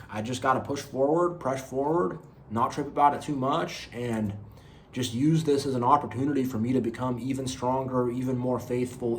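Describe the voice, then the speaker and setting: A man giving an unscripted motivational monologue, earnest and rambling, repeating phrases and saying "you know" often. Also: mid-range voice. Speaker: motivational video creator.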